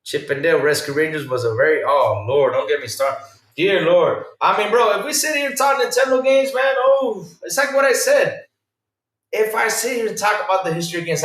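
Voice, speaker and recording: A man hosting a casual podcast chat, telling stories in an animated way that swings from loud to quiet. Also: fairly high pitch. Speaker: podcast host. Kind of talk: casual chat with a live chat audience. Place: home room. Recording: roomy sound from a distance off the mic.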